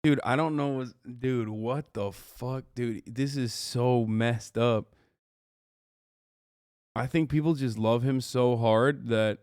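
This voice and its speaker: A man's voice: medium pitch, slow pace, darkish tone, smooth, dry recording, clean studio sound. Profane, incredulous male streamer. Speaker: streamer host. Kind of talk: reaction commentary.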